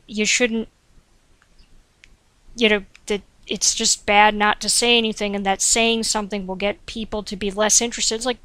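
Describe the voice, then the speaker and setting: A woman's voice: medium pitch, a bit bright, no echo. Chatty woman narrating a game, dry close mic. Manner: chatty, digressive, frequent "like" and "um"; talks to her cat between game remarks. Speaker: gaming commentator. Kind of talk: rambling let's-play commentary. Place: at home with a cat nearby. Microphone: desk microphone.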